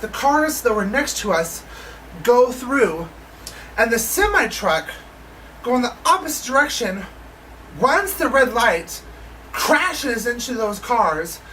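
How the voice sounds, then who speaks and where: A woman vlogger telling a story in a casual, animated way, acting out the people she quotes and swearing now and then. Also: a little high, distant mic, slight background noise, low-quality recording. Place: living in Las Vegas.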